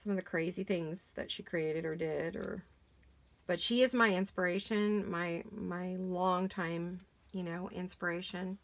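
A middle-aged woman, hoarse today, chatting casually and rambling as she hosts a craft session in her home studio. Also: fairly low pitch, steady tone, a little slow. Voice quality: gravelly, froggy voice today. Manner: chatty, rambling, talks while working with hands. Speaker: crafting channel host. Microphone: camera mic while sitting back from a craft table.

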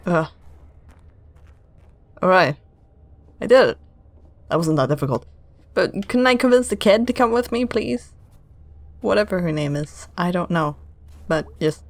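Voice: mid-range voice, dry recording. A gamer hosting a let's play, chatting casually, joking and self-mocking while playing. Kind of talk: casual gameplay commentary. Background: game music.

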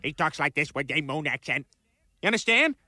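An actor playing a bumbling, bossy middle-aged cartoon dad in an animated sitcom. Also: male voice, sits high, fairly quick, no room sound, clean studio sound. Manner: blustering, bossy, goofy.

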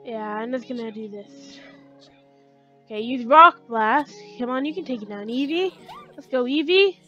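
A woman's voice: on the high side, moderate pace, bright, forceful tone, lo-fi sound, faint music behind. A woman giving chatty let's play commentary, talking to her game characters as she plays. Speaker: gamer.

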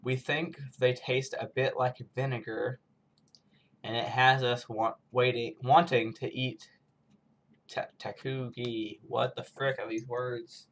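A man's voice: medium pitch, little pitch movement, slow, fairly bright tone, slight background noise. A man from the United States rambling through a casual snack taste-test vlog, full of self-mocking asides. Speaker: vlogger.

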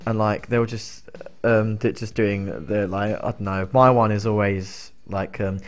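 A young man streaming a game chats casually over soft background music, his voice fairly low, steady, and a little slow. He rambles and giggles his way through stories as he plays.

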